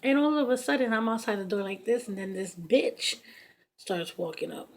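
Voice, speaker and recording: A woman's voice: mid-range voice, moderate pace. Blunt, profane woman in her thirties. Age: 30s. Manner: blunt, profane, animated retelling full of fillers. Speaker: vlogger telling a personal story. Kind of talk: casual storytime.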